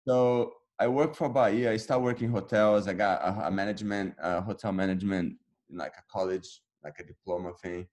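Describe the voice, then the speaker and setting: Low-voiced man telling an animated story. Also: brisk. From Brazil. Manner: animated, acts out his own past dialogue. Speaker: interview guest, jiu-jitsu black belt. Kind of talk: casual storytelling.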